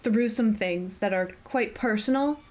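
A woman's voice: on the high side, unhurried, darkish tone, lightly acted. A woman voicing a nervous young female student in a tabletop game, evasive and flustered. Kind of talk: tabletop role-play.

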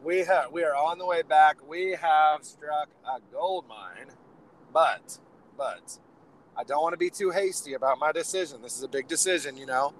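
Hoarse raspy man on the road. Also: on the high side, normal speed, rough recording. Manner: joking, rambling, upbeat. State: hoarse from a sore throat. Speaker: podcast co-host. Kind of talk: casual chat on a phone call from the road. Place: inside a moving car. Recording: faint road noise from a car.

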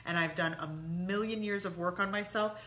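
A woman talking in a casual conversation, animated and acting out the voices of people she quotes. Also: fairly low pitch, normal speed.

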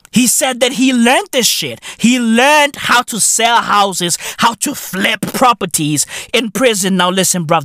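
A man tears into his subject in a comedic podcast rant, loud, profane and mocking. His pitch leaps and swoops all over the place. The sound is dry and close, with no room around it. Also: no room sound. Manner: loud, profane, mocking, often breaks into shouts and laughs. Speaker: podcast host.

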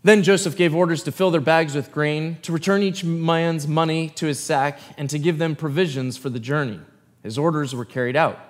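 A man's voice: on the high side, fairly even intonation, normal speed, big-room sound. A man preaching a sermon as pastor. He reads scripture aloud and then breaks into loose, conversational asides. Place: church sanctuary.

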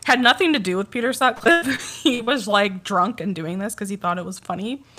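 A woman's voice: mid-range voice, moderate pace, sharp tone. A woman co-hosting a casual true-crime podcast, chatty and giggly with lots of fillers. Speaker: podcast co-host.

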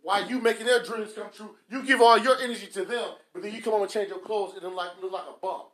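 A man's voice: high-pitched, fairly even intonation, fast, fairly bright tone. A man, hosting a podcast with a blunt, scolding motivational rant that mocks people with quacking. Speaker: podcast host. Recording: echoey room.

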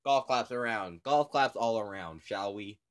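A man's voice: lowish voice, a little slow. Giggly young male podcast host. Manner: giggly, joking, rambling. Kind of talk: casual improvised podcast chat.

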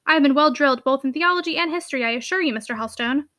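A graceful young heiress, voiced by a woman narrator, who talks frankly and with an easy spirit. Her voice is high and bright. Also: very fast. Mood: frank, lively. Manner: frank and lively.

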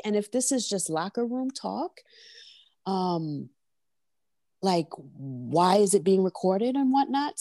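Animated slangy woman on a podcast. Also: mid-range voice, no room sound, studio quality. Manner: animated, slangy, rhetorical questions. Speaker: podcast co-host. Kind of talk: casual podcast discussion. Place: at her workplace.

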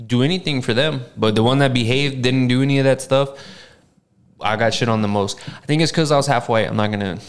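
A young man on a podcast, rambling through a story with a mid-pitched, ordinary voice. He swears easily and drops into a flat, deadpan tone for the punchlines. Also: brisk. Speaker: podcast co-host. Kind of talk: casual chat.

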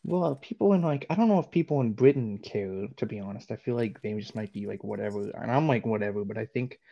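A man's voice: fairly low pitch, fast, creaky, muffled recording. A man co-hosting a podcast, chatting in a laid-back, easygoing way with lots of laughing banter. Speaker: podcast co-host. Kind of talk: casual podcast chat.

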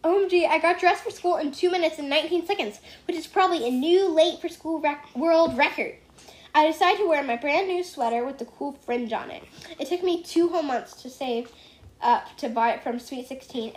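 A woman's voice: sits high, a little fast, rough recording. A young female reader, likely a teen, eagerly reading a funny diary-style book aloud at home.

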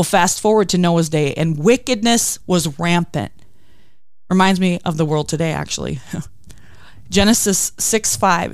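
Female host, devotional chat, animated storyteller, close dry mic. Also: fairly low pitch, smooth, dry recording. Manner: expressive storytelling with acted quotes. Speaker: podcast host. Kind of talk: faith devotional talk.

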